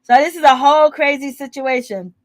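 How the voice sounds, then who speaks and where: Animated woman recapping gossip. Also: high voice, brisk, no echo. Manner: animated, laughing, dramatic exclamations. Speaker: gossip show host. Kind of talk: casual reality TV gossip recap.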